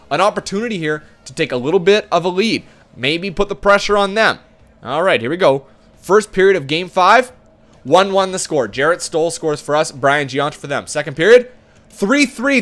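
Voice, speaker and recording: High-voiced young man calling a game. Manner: swings from hushed tension to loud cheering. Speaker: gaming commentator. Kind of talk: excited play-by-play game commentary.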